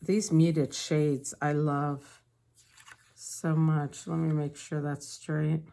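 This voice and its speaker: Slow, chatty woman planner vlogger. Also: low-pitched, level tone, creaky. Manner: chatty, storytelling with soft asides. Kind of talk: casual voice-over while decorating a planner. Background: faint paper crinkling and sticker sounds.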